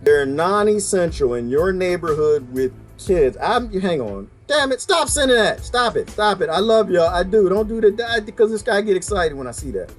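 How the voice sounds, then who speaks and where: Brief: high-pitched man, fiery self-made vlogger rant, faint music underneath. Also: very animated, normal speed, few pauses. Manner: heated, preachy, fires rhetorical questions. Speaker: video blogger. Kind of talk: ranting monologue to viewers.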